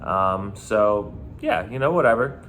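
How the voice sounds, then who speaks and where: A former bouncer tells stories in a low male voice, casual and rambling. His delivery is emphatic and full of swearing. Faint noise hums behind him. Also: expressive, a little slow, fairly bright tone. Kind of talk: casual storytelling.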